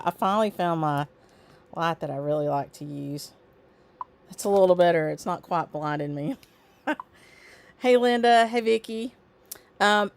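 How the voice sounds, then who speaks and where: A woman's voice: lowish voice, clear, resonant tone. A woman hosting a casual stitching livestream, chatting loosely with lots of ums and greeting viewers by name as their comments come in. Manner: chatty, rambling with frequent ums. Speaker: livestream host. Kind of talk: casual live-stream chat.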